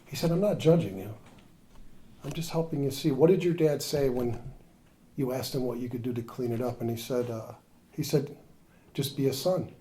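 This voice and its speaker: A man's voice: mid-range voice, moderate pace, pauses often, slight background noise. A man speaking at a recovery workshop, telling his story in a confessional way and acting out the conversations in it. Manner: confessional, drops to a near whisper in tender moments; animated when acting out conversations.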